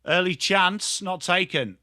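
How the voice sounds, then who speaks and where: A watchalong streamer from Yorkshire, England, with a strong Yorkshire accent gives excitable, sweary live football commentary, bantering with chat viewers by name. His voice sits high and moves slowly, captured in a dry, studio-quality recording.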